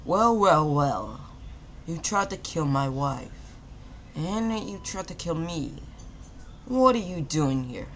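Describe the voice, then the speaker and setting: A man's voice: on the high side, big pitch swings, takes it slowly, long pauses, a bit bright, slight background noise, full character voice. A man voicing a vengeful young male ninja in a fan-made anime story, menacing and then screaming with rage.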